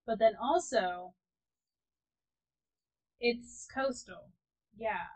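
A woman chatting casually as she plays a co-op farming game, giggly and often trailing off softly. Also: on the high side, drawn-out words, poor audio. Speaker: let's play host. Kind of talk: casual gaming commentary.

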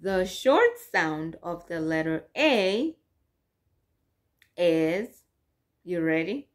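A young woman teaches English phonics. She talks at a very slow, deliberate pace. She repeats letters and example words again and again, drawing each one out. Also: lowish voice, very animated. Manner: slow, repetitive, drawn-out drilling of sounds. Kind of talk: slow bilingual phonics lesson.

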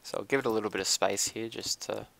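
A man giving casual, relaxed gameplay commentary, thinking aloud with frequent ums as he explains his build. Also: fairly low pitch, quick pace, creaky.

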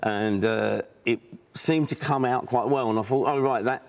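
A man chatting as a guest in a relaxed interview, laughing easily and talking about himself with self-deprecation. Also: mid-range voice, moderate pace, creaky. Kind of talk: casual interview chat.

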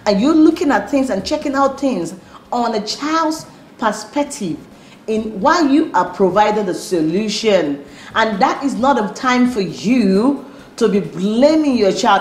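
A woman's voice: fairly high pitch, animated, unhurried, a little hiss or hum. A woman parenting coach giving earnest advice, repeating her key points. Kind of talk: instructional talk to camera. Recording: roomy, faint music.

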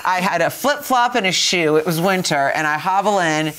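A woman in her fifties telling stories as an interview guest in a casual, animated way, often stammering and repeating words as she retells dramatic moments. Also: lowish voice, moderate pace. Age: 50s.

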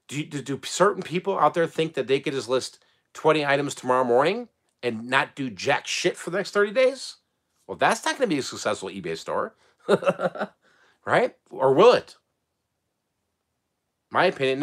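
A middle-aged man giving casual advice as a channel host, blunt and animated, swearing casually and laughing often. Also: medium pitch. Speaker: eBay reseller and channel host.

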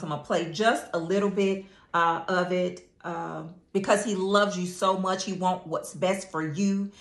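A woman preaching a devotional sermon and prayer, emphatic, repeating phrases and calling on listeners to say words back. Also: lowish voice. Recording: echoey room with faint music.

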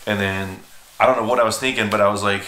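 A man's voice: lowish voice, steady tone, fast, background noise. A man in his forties, a skateboard team manager, telling a story in a rambling, profane, self-deprecating way. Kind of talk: casual storytelling. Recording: roomy echo.

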